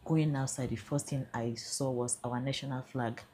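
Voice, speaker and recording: A woman's voice: a bass voice, fairly even intonation, normal speed, dark tone, slight background noise. An older Nigerian woman with a Nigerian accent earnestly recounting her own experience, slipping into Pidgin at times. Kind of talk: emotional first-person account.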